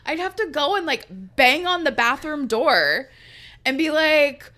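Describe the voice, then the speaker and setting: Giggly high-voiced woman podcast host. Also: animated, measured pace, pushed and bright. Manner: giggly, storytelling. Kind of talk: casual chat.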